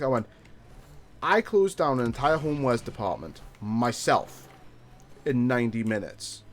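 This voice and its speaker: A man's voice: medium pitch, expressive, normal speed. Sweary guy ranting while gaming. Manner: ranting, profane storytelling. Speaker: gaming streamer. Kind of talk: casual gameplay chat.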